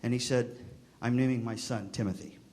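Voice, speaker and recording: In a convention hall, a middle-aged man gives a storytelling keynote to a live audience of band directors, voicing the characters in his stories. His mid-range voice is steady and dark in tone, and he talks briskly.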